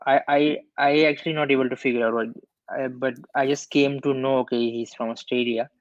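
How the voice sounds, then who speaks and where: A man learning English speaks haltingly over a video call, restarting his sentences and searching for words. His voice comes through muffled and dry, with no room sound at all, at an ordinary middle pitch. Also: fairly even intonation, no room sound. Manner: halting, non-native phrasing, many restarts. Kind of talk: casual video-call chat.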